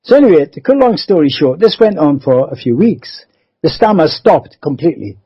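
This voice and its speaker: A man's voice: fairly high pitch, big pitch swings, fairly quick, slightly rough, dull audio. A man, rambling through a life story as a radio interview guest, often adding 'you see'. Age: 70s.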